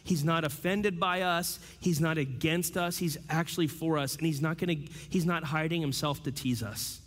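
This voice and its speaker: A man preaching a sermon in a relaxed, conversational way, dropping slang into his message. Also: on the high side, moderate pace. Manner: casual, conversational preaching with slang and acted quotes. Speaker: pastor. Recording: soft guitar music under the voice. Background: guitar music.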